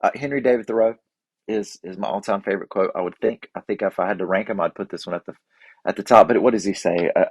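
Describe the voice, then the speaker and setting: A man's voice: fairly low pitch, fast, a little mellow, husky, no room sound. A man, hosting his show and talking casually in a rambling, self-deprecating, folksy way. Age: 40s. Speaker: podcast host. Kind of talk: casual reflective monologue.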